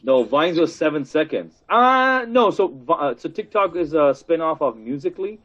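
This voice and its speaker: A man's voice: a little high, sing-song, normal speed, fairly bright tone. A man co-hosting a podcast who laughs often and hesitates with many fillers in casual chat. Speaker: podcast co-host. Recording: dull lo-fi sound.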